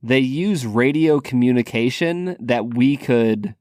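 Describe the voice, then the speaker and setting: A man co-hosting a podcast, telling stories in a relaxed casual way. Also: medium pitch, slow, no echo, clean studio sound. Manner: relaxed storyteller, many "like" fillers. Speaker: podcast co-host.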